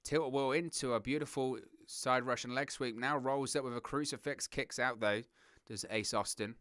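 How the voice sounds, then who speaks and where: A young man from southern England with a southern English accent, hosting a wrestling watch-along with excitable play-by-play commentary. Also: mid-range voice, moderate pace, clean tone, no echo, clean studio sound. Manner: excitable play-by-play, giggles at puns, reads chat.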